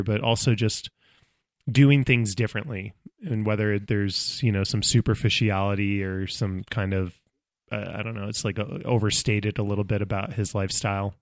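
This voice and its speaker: A man's voice: fairly low pitch, no room sound, studio quality. A man co-hosting a podcast in casual chat, frank and enthusiastic, with the odd casual swear. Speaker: podcast co-host.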